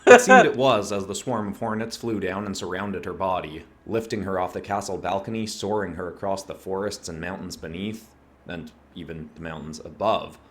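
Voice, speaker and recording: A man reads a horror story aloud with a steady, measured narrator's delivery. His voice sits very low, deep and grounded. He keeps an even storytelling pace.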